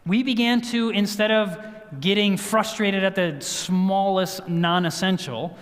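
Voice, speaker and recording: A man giving a health talk at a church, telling a story in an animated way and acting out what people said. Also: sits high, measured pace. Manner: storytelling, animated, acts out quotes. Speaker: guest speaker. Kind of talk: sermon-style health talk. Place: church sanctuary. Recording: church hall reverb.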